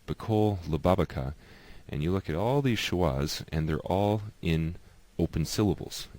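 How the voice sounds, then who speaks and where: A man with an exceptionally deep, low voice walks through a lesson. He talks patiently and explains step by step, repeating each example so it sinks in. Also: lively intonation, normal speed, darkish tone, no echo. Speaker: teacher.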